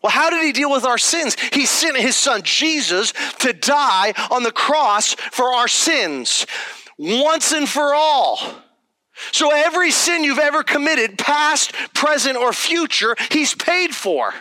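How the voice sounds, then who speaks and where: A man delivers a sermon as a pastor, talking to his congregation plainly and with emphasis. His voice sits high and sounds bright and keen. The sound is close and dry. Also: animated, slow pace, dry recording. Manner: conversational and emphatic, checking in with "okay?".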